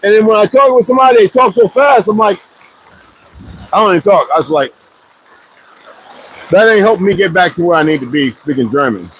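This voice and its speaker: A man's voice: high voice, expressive, brisk, pauses often, fairly bright tone, a little hiss or hum, poor audio. A man talking casually to his viewers in a loose, rambling vlog, full of joking asides. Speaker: vlogger.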